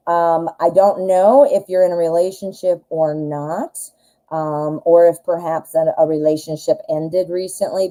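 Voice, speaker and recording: A woman's voice: on the low side, mellow, rough recording. A woman in her forties with a Midwestern American accent, chatting in a rambling, self-deprecating way while doing a live tarot reading. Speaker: tarot reader.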